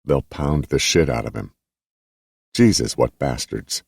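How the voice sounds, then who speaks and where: A man voicing a male fellow prisoner who talks plainly and bluntly, close to his own very deep voice. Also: expressive, unhurried, creaky, darkish tone, slightly rough, no room sound, exaggerated voice. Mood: reassuring.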